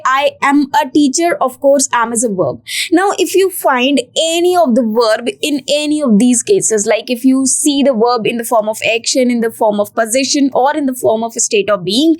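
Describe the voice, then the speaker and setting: A woman's voice: on the high side, moderate pace. A woman teacher explaining grammar step by step, repeating each key point for students. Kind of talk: grammar lesson for exam students.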